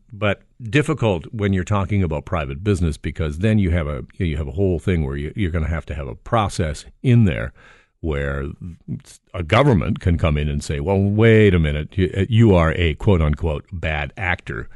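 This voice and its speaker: A man hosts a radio talk show, his voice lower than most and swinging widely in pitch. He jokes and restarts his sentences, and the studio sound is dry and close. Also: dry recording. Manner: animated, jokey, lots of restarts.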